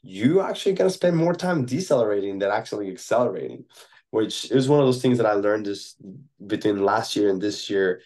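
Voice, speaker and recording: A man's voice: on the low side, animated, fairly quick, a little mellow. A man, a performance coach, answering a podcast question in a thoughtful, explanatory way, often checking in with tag questions.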